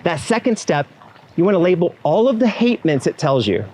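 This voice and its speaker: A man's voice: sits high, fairly quick, low-quality recording. A man giving a motivational keynote speech to event professionals. He talks straight to the audience with frequent asides and acts out the voices he quotes. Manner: animated, acts out quoted inner voices and clients.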